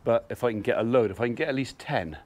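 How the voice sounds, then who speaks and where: A man's voice: medium pitch, fast talker. A man filming himself as a farmer, chatting casually while working and calling to his cattle. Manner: chatty, talks gently to the cattle and calls them loudly. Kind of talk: casual vlog narration. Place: outdoors on a cattle farm. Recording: outdoor noise with mooing cattle. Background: cattle mooing.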